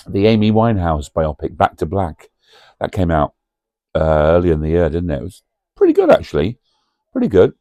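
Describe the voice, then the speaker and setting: A man's voice: low voice, mellow, no echo, studio quality. A man hosting a cosy pub-style chat about a film, rambling and chatty with lots of fillers and asides to the viewer. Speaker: video host.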